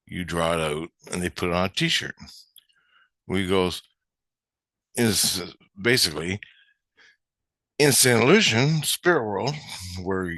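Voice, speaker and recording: Slow, deep-voiced rambling man. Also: expressive, a bit bright, no room sound. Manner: meandering, casual, swears freely. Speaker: vlogger. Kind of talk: rambling spiritual storytelling.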